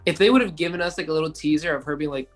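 A man's voice: fairly high pitch, rapid-fire, soft background music. A man co-hosting a casual chat show, talking hesitantly with many fillers. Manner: hesitant, full of "like". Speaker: podcast co-host.

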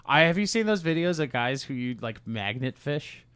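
A man's voice: mid-range voice, sing-song, moderate pace, a bit bright, clear, resonant tone, no echo. A man co-hosting a podcast in casual chat, rambling and joking. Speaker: podcast co-host.

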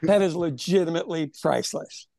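A man's voice: a little high, a little fast, gravelly, mellow, no room sound. A man co-hosting a podcast in casual chat, rambling and repeating words, laughing often. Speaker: podcast co-host.

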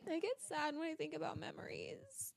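A woman's voice: high voice, animated, normal speed, gravelly. A young woman chatting on a podcast, crying as she talks, full of "like" fillers. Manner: tearful, confessional, filler-heavy. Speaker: podcast co-host. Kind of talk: casual chat.

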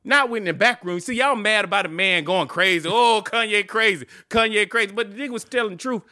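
A man co-hosting a casual podcast, ranting in a profane, animated way and laughing often. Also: high-pitched, fast talker, no room sound, studio quality. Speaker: podcast co-host.

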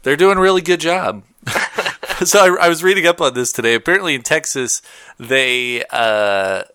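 A man's voice: mid-range voice, animated, moderate pace, bright, forceful tone, clean tone, no echo, clean studio sound. A man co-hosting a casual talk show, rambling and correcting himself as he goes. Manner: rambling, self-correcting, laughs often. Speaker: podcast co-host. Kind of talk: casual chat.

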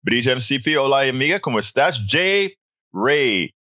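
Opinionated guy reading chat comments aloud, mid pitch, dry close sound. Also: very animated, moderate pace, bright, forceful tone, no room sound, lo-fi sound. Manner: opinionated, reads chat messages aloud and answers them. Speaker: podcast host reading listener comments. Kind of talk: casual live call-in commentary.

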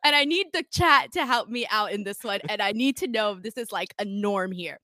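An American woman hosting a casual live-stream chat, telling stories in an animated way with frequent swearing. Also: medium pitch, brisk, no room sound. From United States. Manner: animated, swearing storyteller, laughs often. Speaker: podcast host.

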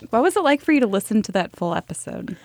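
A woman's voice: on the high side, big pitch swings, fast talker, no echo. A woman hosting a podcast in a studio, talking casually and sometimes apologetically with her guest. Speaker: podcast host.

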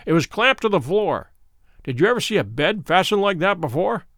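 A man plays a shrewd, calm middle-aged detective from a storybook reading. He lays out his reasoning in measured, probing questions, his fairly high voice rising and falling a lot. The sound is close and dry. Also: dry recording, exaggerated voice.

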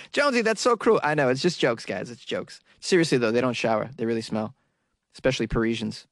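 A man's voice: mid-range voice, normal speed, pauses often, no room sound, clean studio sound. A man hosting a podcast, riffing sarcastically on odd news stories and laughing at his own jokes. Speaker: podcast host. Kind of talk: comedic news commentary podcast.

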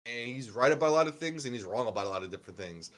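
A man's voice: mid-range voice, lively intonation, very fast, a bit bright. A young man chatting casually about wrestling, rambling and swearing, with many restarts and fillers. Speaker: podcast co-host. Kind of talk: casual wrestling recap chat.

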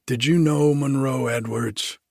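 A man's voice: mid-range voice, steady tone, unhurried, creaky, a little mellow, no room sound, studio quality, pitched above the performer's own voice. A man doing a fawning, gossipy prison cook. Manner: obsequious, repeats "sir", folksy speech. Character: fawning chatty male prison cook, servile and nosy.

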